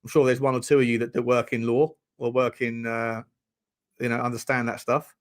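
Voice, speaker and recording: A man's voice: mid-range voice, flat delivery, brisk. A man hosting a fan live stream, rambling and joking with his chat. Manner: rambling, jokey, banters with chat. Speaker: fan channel host.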